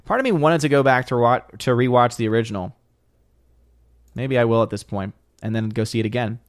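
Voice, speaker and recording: A man casually reading and joking about viewer comments on a live stream, in an animated, playful way. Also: mid-range voice, a little fast. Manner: animated, jokey riffing on chat comments.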